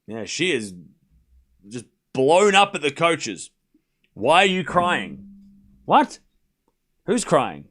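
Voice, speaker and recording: A man hosting a live tennis watchalong, giving informal play-by-play that rises to excited shouts on big points. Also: fairly high pitch, takes it slowly, long pauses. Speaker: host calling a live watchalong stream.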